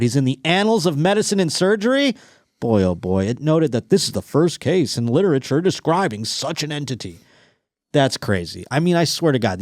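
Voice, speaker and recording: A man's voice: mid-range voice, darkish tone, no echo, studio quality. A man hosting a podcast, reading listener stories aloud and riffing on them with crude, sarcastic jokes. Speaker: podcast host. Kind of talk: comedic news commentary.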